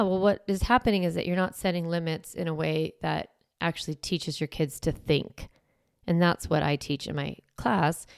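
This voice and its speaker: Smooth-voiced woman, chatty parenting coach. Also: mid-range voice, no room sound, studio quality. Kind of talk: casual talk to camera promoting a course.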